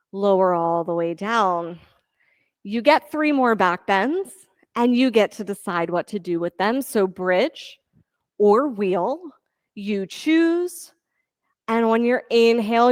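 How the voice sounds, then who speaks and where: A woman teaching a yoga class, giving steady counting cues and encouraging her students. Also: mid-range voice, clean tone, no room sound, clean studio sound. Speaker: yoga instructor. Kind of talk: leading a live yoga class.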